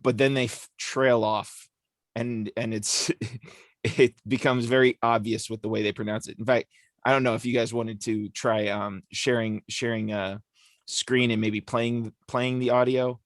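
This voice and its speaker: A man's voice: medium pitch, flat delivery, unhurried, dry recording, studio quality. A man co-hosting a casual discussion podcast, explaining at length with lots of fillers. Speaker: podcast co-host.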